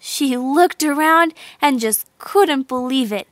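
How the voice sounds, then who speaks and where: A narrator reads a children's storybook translated from sign language, speaking slowly and expressively. Her voice is high and bright, and the recording is close and dry with no echo.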